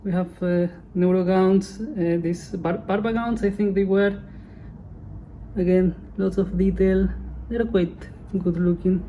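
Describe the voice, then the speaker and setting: A woman's voice: mid-range voice, steady tone, a little slow, narrow, tinny audio, a little hiss or hum. A woman hosting her channel, giving casual unboxing commentary in a chatty way and often correcting herself. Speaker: channel host.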